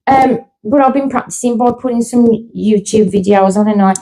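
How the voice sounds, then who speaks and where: A woman's voice: fairly high pitch, moderate pace, warm tone, poor audio. A middle-aged woman, co-hosting a podcast and gushing through a story in casual chat. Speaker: podcast co-host.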